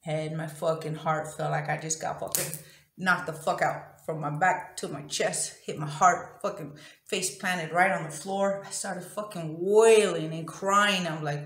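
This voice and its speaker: A woman's voice: fairly low pitch, a little slow, a bit bright, reverberant. A woman telling a personal story in a raw, profane, emotionally open confessional way. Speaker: vlogger.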